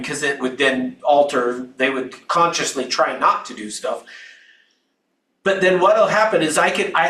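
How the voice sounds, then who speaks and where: A man leads a live training class, talking loosely and restarting his sentences as he explains. His voice sits a bit high for a man. He stands well back from the mic in an echoey training room. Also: a bit bright, recorded from a distance. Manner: conversational, with restarts and asides. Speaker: real estate trainer.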